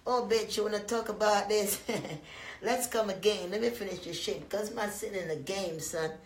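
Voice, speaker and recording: A Jamaican woman hosts a live stream, rambling loudly and profanely to her viewers. Her voice sits at an ordinary middle pitch. The room around her is echoey. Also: moderate pace, slight background noise. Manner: profane, loud and animated with frequent laughs. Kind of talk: casual rambling chat to viewers.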